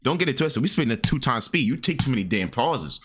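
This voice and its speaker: A man in his early twenties streaming, reacting loudly and mockingly to a sports talk clip. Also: very animated, fast, slight background noise. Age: 20s. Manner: loud, mocking, with jumps into high falsetto bits. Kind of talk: reaction commentary.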